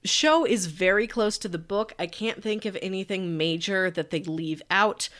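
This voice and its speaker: A woman podcast co-host casually recapping a TV show, chatty and animated, laughing often. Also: mid-range voice, moderate pace.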